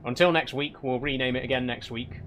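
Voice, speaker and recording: A young man answers his live chat in a dry, rambling way, and often feigns exasperation. His voice sits at an everyday middle pitch. Faint game engine noise hums behind him. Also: steady tone, brisk, fairly bright tone. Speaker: streamer reading live chat. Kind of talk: casual live-stream chat while driving a truck game.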